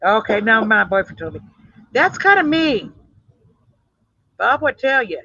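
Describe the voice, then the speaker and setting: A woman's voice: on the high side, big pitch swings, a little slow, pushed and bright. A woman speaks bluntly and tough, dropping a casual curse as she tells her stories. The recording is dull and lo-fi, with a dry, close sound and no room echo. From United States. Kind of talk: casual chat, personal storytelling.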